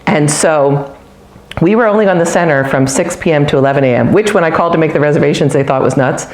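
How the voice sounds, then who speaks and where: Candid low-voiced woman telling her story. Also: fast talker. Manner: candid, self-mocking, lively storytelling with quoted asides. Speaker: storyteller sharing a spiritual testimony. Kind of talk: personal storytelling. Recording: roomy echoey recording.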